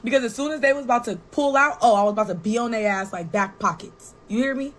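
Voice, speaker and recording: A woman's voice: fairly high pitch, fast, low-quality recording. Blunt, profane young woman telling a story. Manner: blunt, profane and animated, with frequent "like" and "right?". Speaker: podcast guest telling a personal story. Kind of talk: casual storytelling.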